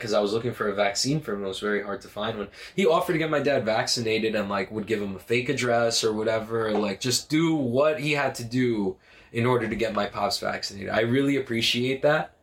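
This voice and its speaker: Jiu-jitsu guy rambling a story into his phone, swears a ton, says like constantly, mid pitch. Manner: animated, profane, heavy use of "like". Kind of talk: casual storytelling monologue.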